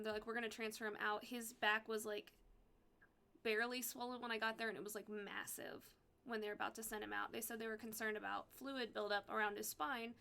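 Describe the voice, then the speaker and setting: A woman's voice: on the high side, creaky. A young woman casually telling a personal story, blunt and profane, acting out the people she quotes. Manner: blunt, profane, animated retelling with quoted dialogue.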